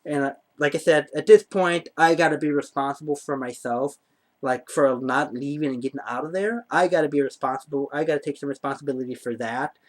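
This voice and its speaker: A man's voice: on the high side, a little fast. A man telling a personal story to the camera in a rambling, profane way, full of "like.". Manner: rambling, profane, heavy use of "like". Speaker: vlogger.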